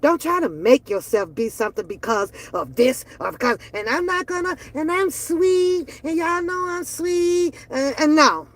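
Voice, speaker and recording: A woman's voice: sits high, expressive, unhurried, hardly any pauses, no echo. A woman, ranting bluntly and profanely on her reaction channel. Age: 40s. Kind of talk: casual opinion rant.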